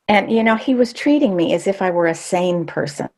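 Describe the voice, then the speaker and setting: A woman's voice: on the low side, expressive, moderate pace, few pauses, darkish tone. An older woman telling a personal story from her past in a reflective, candid way, with hesitations.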